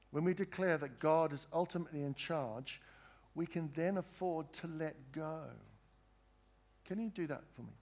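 A man preaching a sermon, earnest, pausing for emphasis and putting questions to his congregation. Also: mid-range voice, creaky, darkish tone. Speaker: pastor.

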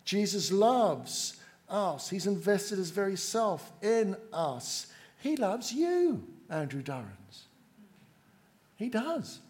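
A man preaching a sermon to a congregation, measured and emphatic, drawing the listeners in. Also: sits high, animated, darkish tone.

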